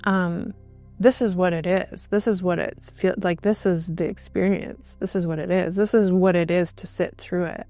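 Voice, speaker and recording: A woman guest recounting a personal experience in conversation, halting, with frequent restarts and fillers. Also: fairly low pitch, fairly even intonation, mellow, soft background music. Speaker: interview guest.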